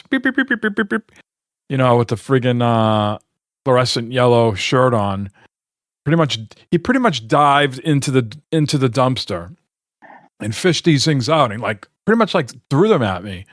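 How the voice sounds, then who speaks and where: A man's voice: medium pitch, no echo. Guy on a podcast ranting about his week, rambly and fed up, cusses a lot, dry close mic. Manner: rambling, exasperated, swears freely. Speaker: podcast co-host. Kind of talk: casual chat, storytelling.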